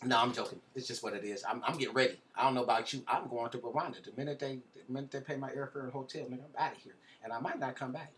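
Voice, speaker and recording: A man's voice: mid-range voice, racing, few pauses, a bit bright, roomy sound, distant mic. A man hosting a casual podcast live stream, joking and talking in loose slang. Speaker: podcast host. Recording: faint background noise.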